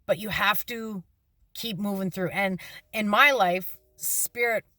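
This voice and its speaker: A middle-aged woman tells a story from her own life in a casual, blunt, salty way. She acts out the lines she quotes, and her voice sits at a middle pitch. The sound is dry and close, with no room echo. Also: a bit bright.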